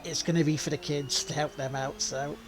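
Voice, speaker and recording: A man's voice: on the high side, level tone, brisk. A man, chatting casually and joking as co-host of a racing game livestream. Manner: joking, swears freely, laughs often. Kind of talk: casual chat over a racing game stream.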